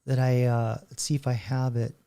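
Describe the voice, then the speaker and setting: Rambling male host, mellow voice, loose commentary. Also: medium pitch, little pitch movement, moderate pace. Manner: rambling, stop-start, laughing often. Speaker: channel host. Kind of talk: casual commentary while browsing videos.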